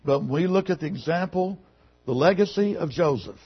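A man delivers a sermon in a slightly high, husky voice. He swings between loud, emphatic bursts and soft, lowered passages as he reads scripture aloud. The recording is muffled and lo-fi. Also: brisk. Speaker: preacher.

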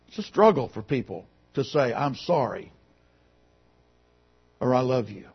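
A man preaching a sermon, swinging between loud emphatic phrases and quiet, lowered passages, reading scripture to his congregation. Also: breathy edge. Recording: muffled, lo-fi recording.

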